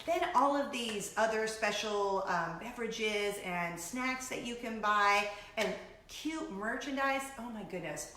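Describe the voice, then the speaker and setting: Woman, middle-aged, casual chat host, gushing, bright tone, echoey room. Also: mid-range voice, a little hiss or hum. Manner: bubbly, chatty, gushing with excited asides.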